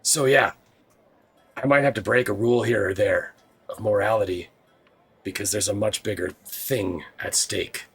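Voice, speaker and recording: A man's voice: on the low side, normal speed, vocal fry, slightly rough. A man playing a tabletop role-playing game, arguing earnestly and defensively in character.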